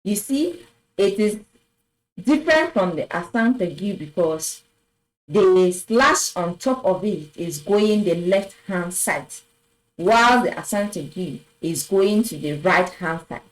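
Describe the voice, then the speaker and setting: A woman's voice: mid-range voice, lively intonation, slow, low-quality recording. A woman teaching a French lesson at a board, patiently repeating words and praising with "très bien". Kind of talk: slow classroom lesson at a board. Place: classroom with a board.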